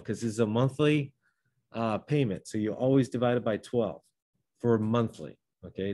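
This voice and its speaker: A man's voice: medium pitch, a little mellow, no echo. A man teaching a math lesson, talking through each step and correcting himself as he goes. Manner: talks through steps, self-correcting. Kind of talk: classroom lesson.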